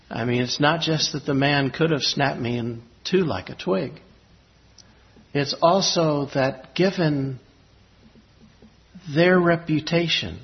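Pastor man, reflective halting storyteller. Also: medium pitch. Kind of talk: sermon with personal storytelling. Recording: slightly dull lo-fi recording.

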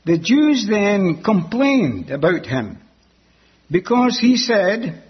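A man preaching a sermon that explains a Bible passage, deliberate and repeating key words for emphasis. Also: sits high, sing-song, slightly rough, lo-fi sound.

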